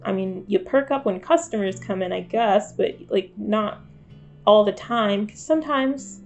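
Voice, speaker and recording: Girl in her 20s vlogging, confessional and kinda wry about herself, soft guitar music behind. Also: mid-range voice, unhurried. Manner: confessional, self-deprecating, wry. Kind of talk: candid talking-to-camera vlog.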